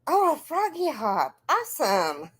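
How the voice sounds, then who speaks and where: A woman's voice: high-pitched, huge pitch swings, a little slow. A woman hosting a crochet livestream, chatting casually and greeting viewers by name in a sing-song lift. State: out of breath.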